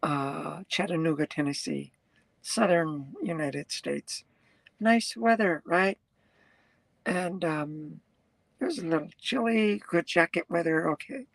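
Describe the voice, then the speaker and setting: A truck driver rambles through a live-stream chat, greeting viewers and reading their comments, with frequent laughs. The voice is husky and gravelly and takes its time, and the sound is close and dry. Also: mid-range voice, animated, slow pace, no echo, rough recording. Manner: laughs often.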